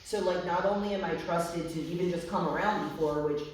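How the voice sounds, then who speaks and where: A woman's voice: fairly low pitch, a little fast, darkish tone, a little hiss or hum. A young adult woman candidly telling her recovery story to a group, swearing freely and using many fillers. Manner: candid and profane, frequent fillers. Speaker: recovery meeting speaker. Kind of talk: personal testimony to a group. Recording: echoey room, distant mic.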